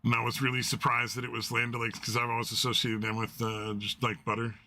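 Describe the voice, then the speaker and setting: A man's voice: medium pitch, completely flat delivery, fast, sharp tone. A man hosting a casual stream chat, joking and laughing easily as he talks.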